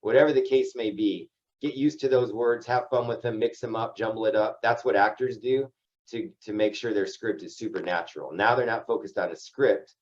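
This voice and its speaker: In a casual team training talk for an insurance agency, a man speaks conversationally at a fairly low pitch and normal speed, often ending points with "right?". The recording's highs are cut off.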